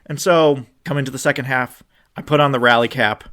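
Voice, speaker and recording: A young man hosting a casual podcast, ranting with animated outbursts, swearing, and swinging between loud shouts and low muttering. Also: a little fast. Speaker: podcast co-host.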